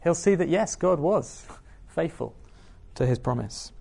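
Lively, animated male preacher. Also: a little high, unhurried, gravelly, breathy edge. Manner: asks the listeners questions, expressive reading of scripture. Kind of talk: sermon.

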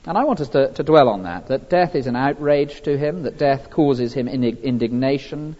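A man's voice: mid-range voice, normal speed, mellow. A man preaching a sermon earnestly, with frequent fillers and restarts. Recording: dull, lo-fi recording with long hall reverb.

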